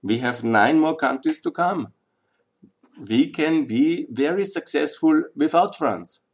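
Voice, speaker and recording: A man's voice: fairly high pitch, lively intonation, slow. Emphatic man. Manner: emphatic, repeats points for weight. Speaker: political commentator. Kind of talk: opinion monologue.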